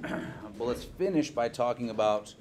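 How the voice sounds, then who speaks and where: A male teacher giving a classroom lecture, lively, quizzing his students and checking in with "okay" often. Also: medium pitch, measured pace, a little hiss or hum.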